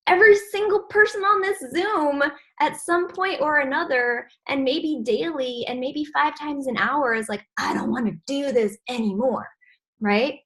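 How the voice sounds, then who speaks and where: A woman leads her team on a video call with a motivational, encouraging talk. Her voice sits a touch high, and she delivers it with lively animation and warmth of purpose. The sound is typical of a video-call mic. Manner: animated and encouraging, acts out stressed inner voices.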